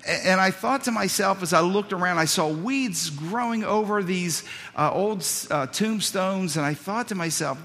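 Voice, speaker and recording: A male pastor preaching a sermon, telling a story with many repeated words, swinging from loud to hushed. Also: sits high, normal speed. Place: church sanctuary. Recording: long reverb of a church hall.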